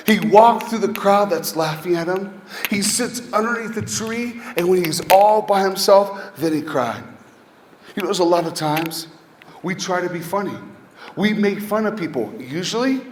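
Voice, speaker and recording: A man giving a motivational talk to a school assembly, telling stories dramatically and swinging between loud and hushed. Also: fairly high pitch, slight background noise. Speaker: motivational speaker. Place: large school hall. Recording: echoey hall, faint ambience.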